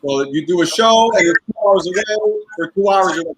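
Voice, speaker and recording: Over a video call from his computer at home, a man with a high-pitched, slightly rough, somewhat bright voice does a rambling, profane stand-up set at a fairly quick clip. The computer mic gives it low quality, and he often laughs at his own jokes.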